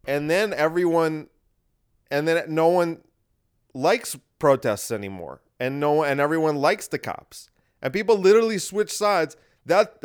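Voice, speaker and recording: Man, podcast host, casual monologue, wry, rambling, slightly high voice, smooth clear tone. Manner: wry, rambling, repeats himself.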